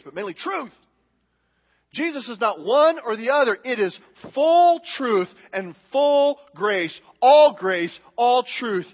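A male pastor preaching a sermon in a church, animated and acting out the voices of the people he quotes. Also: high voice. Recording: muffled hall with long reverb.

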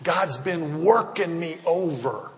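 A man's voice: fairly high pitch, animated, slow pace. A man preaching and praying as a pastor, fervent and rhythmic, with repeated appeals. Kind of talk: sermon with prayer. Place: church hall. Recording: reverberant, dull church recording.

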